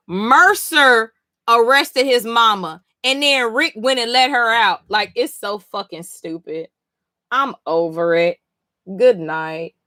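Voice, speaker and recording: This is a woman streamer reading a comic live on a sleepy night. She reacts bluntly and profanely, and sounds exasperated. Her voice is bright and a touch high, and the recording is dry, with almost no room sound. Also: no echo.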